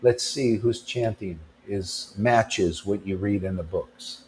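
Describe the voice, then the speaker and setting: A man's voice: fairly low pitch, slow, a little mellow. A man preaching informally to a devotional gathering, blunt and confrontational, throwing out rhetorical questions and calling his listeners "man". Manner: rhetorical questions, mocking asides.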